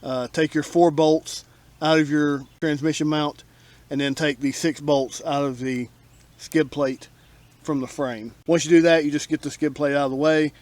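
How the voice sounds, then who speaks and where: A man's voice: a little high, steady tone, moderate pace, darkish tone. A man explaining his own car repair outdoors in a blunt, wry, casual how-to style, grumbling about shoddy work. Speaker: DIY car repair vlogger. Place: outdoors working on a Jeep.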